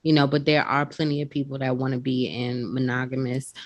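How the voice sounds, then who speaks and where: A woman co-hosts a casual podcast. Her voice sits very low. She slows down deliberately to stress words when she retells an example. The sound is close and dry. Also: level tone, dry recording, highs cut off. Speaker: podcast co-host. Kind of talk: casual chat.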